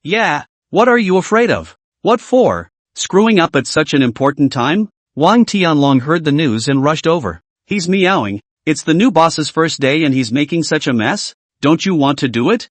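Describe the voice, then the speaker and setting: A man narrating a comic recap in a scripted reading style, voicing the dialogue and the narration in the same steady voice. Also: fairly high pitch, no room sound.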